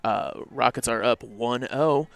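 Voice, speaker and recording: A man doing relaxed color commentary at a live game, talking in a conversational way. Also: medium pitch, a little slow, vocal fry, no echo. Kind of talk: casual live sports commentary.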